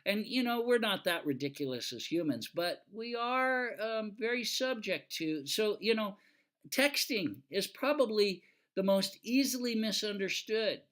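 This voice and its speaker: A man's voice: high-pitched, lively intonation, a little slow, a bit bright. An older man, a retired fire engineer, giving a casual lecture full of folksy stories and fillers. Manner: folksy, anecdotal, with many fillers.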